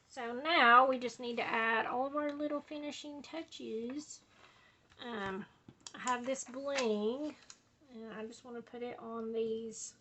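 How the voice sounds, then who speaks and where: Working on a scrapbooking project at home, this woman video host chats and rambles in a drawl, leaning heavily on "y'all" and "like." Her voice sits fairly high and sounds pushed and bright.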